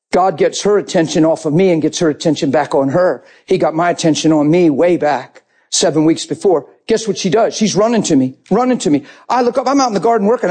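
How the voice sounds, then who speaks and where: A man telling an emotional sermon testimony, animated, storytelling and rising to shouts. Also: sits high, husky. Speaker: preacher giving testimony.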